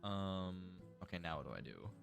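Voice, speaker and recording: A man's voice: low voice, big pitch swings, moderate pace, vocal fry, faint music behind. A young man streaming a building game, casually thinking aloud and mumbling to himself as he works. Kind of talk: casual live gameplay commentary.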